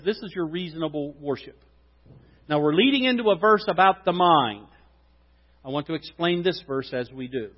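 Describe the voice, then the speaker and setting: A male pastor preaching a sermon, swinging between loud emphatic preaching and quiet joking asides. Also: fairly high pitch, animated, normal speed. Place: church sanctuary. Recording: dull sound with long hall reverb.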